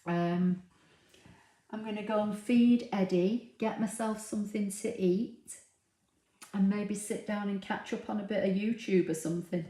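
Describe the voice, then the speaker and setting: A woman's voice: mid-range voice, fairly even intonation, a little slow, mellow. A woman hosting a casual craft livestream from home, chatting and reading out viewer comments with frequent ums. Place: home room with a dog nearby. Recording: roomy, echoey home recording.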